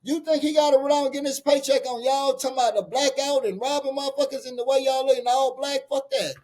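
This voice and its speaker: A man's voice: extremely high pitch, steady tone, quick pace, darkish tone. A man co-hosting a podcast, arguing his point in casual, profane, insistent chat and talking over his partner. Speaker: podcast co-host.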